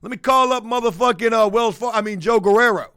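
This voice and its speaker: A man's voice: very high voice, quick pace, bright, forceful tone, clean tone, dry recording, studio quality. A man telling a story to camera as a profane, mocking rant. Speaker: vlogger.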